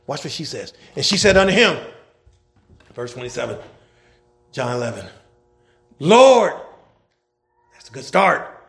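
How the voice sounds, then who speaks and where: A man preaching a sermon as pastor, swinging between shouted scripture and quiet, quick asides, repeating key lines for his congregation. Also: fairly high pitch, sing-song, gravelly. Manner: repetitive, call-and-response preaching. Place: church with congregation.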